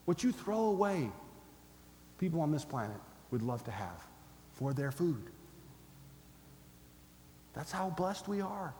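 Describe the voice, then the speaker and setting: A man's voice: fairly high pitch, sing-song, measured pace, long pauses. A man preaching a sermon as pastor, emphatic, leading his listeners in call-and-response. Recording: echoey hall, faint ambience.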